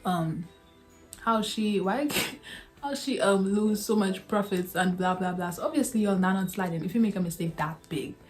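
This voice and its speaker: A woman's voice: medium pitch, normal speed, soft background music. Chatty young woman telling a story. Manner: chatty, addresses viewers as y'all, laughs often. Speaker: vlogger. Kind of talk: casual storytime vlog.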